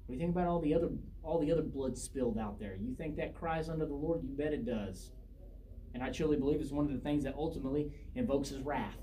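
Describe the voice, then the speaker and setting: A man's voice: mid-range voice, fast, dark tone, a little hiss or hum. A man preaching a sermon, reading scripture aloud and driving points home by repeating phrases. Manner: emphatic, repeats phrases for stress.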